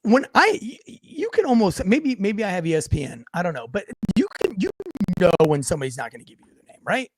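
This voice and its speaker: Animated man, high lively voice. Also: quick pace, background noise. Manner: animated, acts out voices in stories, swears freely. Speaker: podcast co-host, police officer. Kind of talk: casual chat.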